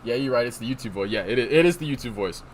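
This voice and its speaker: A man's voice: mid-range voice, animated, fast. A man chatting casually on a livestream, rambling and swearing as he answers chat. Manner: rambling, profane, reads chat aloud. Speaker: streamer. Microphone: desk microphone.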